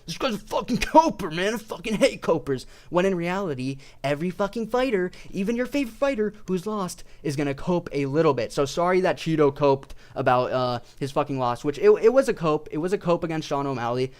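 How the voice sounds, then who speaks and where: A man's voice: on the high side, a little fast, few pauses, clear, resonant tone. A young man ranting casually about his favorite fighters, swearing constantly and rambling. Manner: profane, rambling, excitable. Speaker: video creator.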